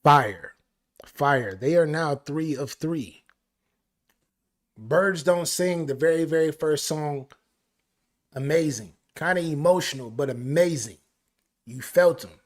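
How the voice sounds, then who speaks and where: A man hosting a live album reaction stream, talking excitedly and repeating phrases. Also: a little high, slow pace, long pauses. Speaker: music reaction host.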